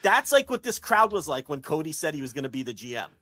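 A man co-hosting a wrestling podcast in casual, blunt chat, swearing freely and getting animated when he mocks excited fans. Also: fairly high pitch, fast talker, no room sound. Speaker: podcast co-host.

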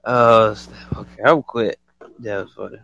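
A man hosting a casual live stream, excitable and slangy, laughing a lot. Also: fairly low pitch, unhurried, gravelly, highs cut off.

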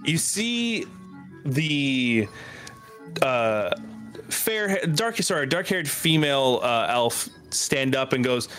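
A man narrating a tabletop game as game master, halting often with fillers. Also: medium pitch, expressive, a bit bright, faint music behind.

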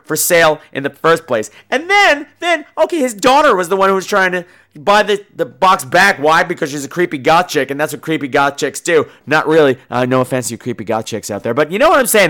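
A man hosting a horror podcast, ranting sarcastically and profanely as he reviews a movie. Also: on the high side. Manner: animated, sarcastic, acts out characters. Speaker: podcast host.

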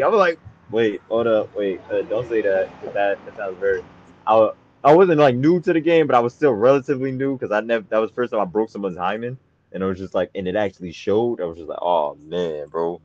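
A young man in casual podcast chat, telling a bragging story and swinging into loud exclaiming. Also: fairly low pitch, expressive, brisk, lo-fi sound.

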